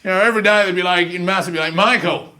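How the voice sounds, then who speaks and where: A young Australian man doing a self-mocking stand-up comedy set, animated and full of silly voices, in front of a live school audience. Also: sits high, rapid-fire. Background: faint audience ambience and laughter.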